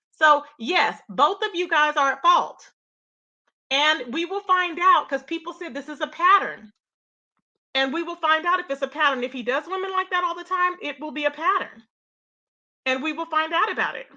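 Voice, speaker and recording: Woman host, casual commentary stream, high bright voice, opinionated and chatty with her audience. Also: muffled recording. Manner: chatty, opinionated, addresses viewers as y'all. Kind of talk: casual drama commentary talk.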